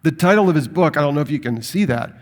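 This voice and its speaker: A man giving an animated Bible lecture to an audience, emphatic and full of rhetorical questions. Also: on the high side, quick pace. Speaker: Bible teacher.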